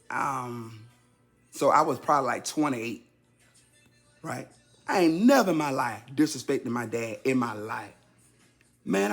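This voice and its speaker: Gravelly, lively man in his fifties. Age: 50s. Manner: animated, leaps high and loud when acting out quotes; talks straight to the audience, repeating himself. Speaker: storyteller. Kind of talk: casual personal storytelling.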